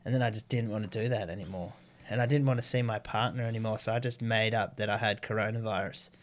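A man's voice: lowish voice, fairly even intonation, fast. A young Australian man, a stand-up comedian, telling crude stories in a loose, laid-back way. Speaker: stand-up comedian, podcast guest. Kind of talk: casual chat.

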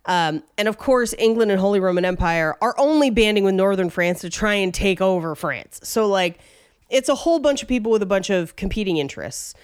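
A woman co-hosts a podcast in a mid-range, clean-toned voice, speaking briskly in casual banter and swearing freely, then reading an ad. She comes across as lively and irreverent, and the studio sound is clean with no echo.

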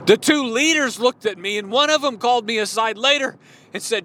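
A man in his forties preaching a fervent, worked-up sermon, at times yelling. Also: extremely high pitch, brisk. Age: 40s. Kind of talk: impassioned sermon.

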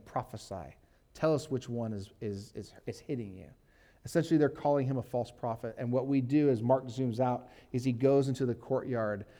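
A man pastor teaching a sermon in a relaxed, conversational way, reading scripture aloud and often saying "like". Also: mid-range voice. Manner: casual, uses "like" and fillers, reads scripture aloud.

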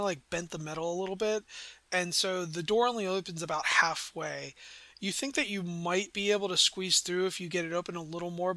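Brief: male game master, high bright voice, dry close sound, loose descriptive narration. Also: dry recording. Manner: rambling, descriptive, many fillers.

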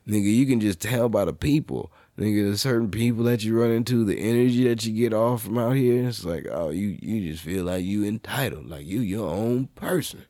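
A low-voiced man delivering a profane, animated monologue in loose, casual speech. The sound is close and dry, with no room echo. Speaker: podcast host.

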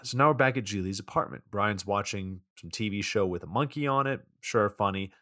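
A young man co-hosting a podcast, recapping a movie in a deadpan, sardonic way. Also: fairly low pitch, a little fast, no room sound, studio quality. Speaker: podcast co-host. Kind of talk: casual movie recap chat.

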